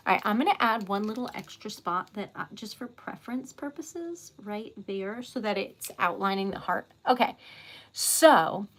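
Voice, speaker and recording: Making wax seals on a relaxed livestream, the host talks with her viewers in a medium-pitched voice at a moderate pace. She is bubbly and excitable and giggles frequently.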